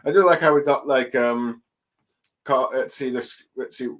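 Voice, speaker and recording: A young man casually recapping a comic chapter on his own, halting often with ums and let's sees. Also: mid-range voice, rough recording. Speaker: chapter reviewer. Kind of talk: casual solo commentary.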